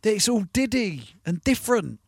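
A man hosting a live radio show, reading out shout-outs in a cheeky, rambling way and singing along now and then. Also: high-pitched, sing-song, moderate pace, creaky, husky, dry recording, studio quality. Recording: music playing behind the voice. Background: music.

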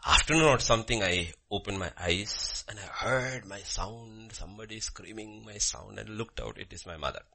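A man preaching a sermon with a personal story, swinging from loud emphasis to hushed murmurs. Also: lowish voice, normal speed, creaky, hardly any pauses. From Bhutan.

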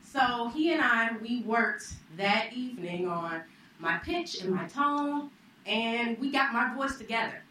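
A woman's voice: on the high side, expressive, sharp tone. Woman telling a story from a distant stage. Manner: conversational, reflective, with pauses and restarts. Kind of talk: live story slam telling. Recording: echoey hall, distant mic, faint noise.

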